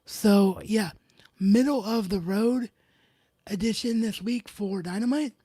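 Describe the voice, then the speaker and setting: A woman hosts a live review of a wrestling show, talking enthusiastically and doubling up her emphatic words. Her voice is mellow and a little husky. It sounds dry and close. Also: mid-range voice, takes it slowly, no room sound.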